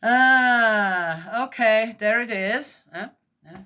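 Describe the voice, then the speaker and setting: A woman's voice: fairly high pitch, drawn-out words, bright, forceful tone, clear, resonant tone. A middle-aged woman giving a casual, rambling reflection on a Bible passage, often asking "right?" and laughing. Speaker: host of a Bible reflection talk.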